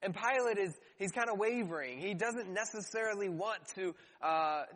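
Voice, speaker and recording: Pastor, male, higher-pitched voice, conversational sermon delivery in a hall with long reverb. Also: normal speed, a bit bright. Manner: conversational preaching, acts out mocking quotes. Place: church hall.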